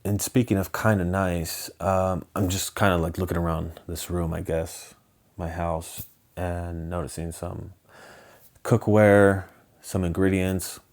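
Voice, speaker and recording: A man's voice: sits low, flat delivery, a little slow, a little mellow. A man from Southern California hosting a solo podcast, rambling and hesitant, with many ums and restarts. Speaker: podcast host. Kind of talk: casual solo podcast chat.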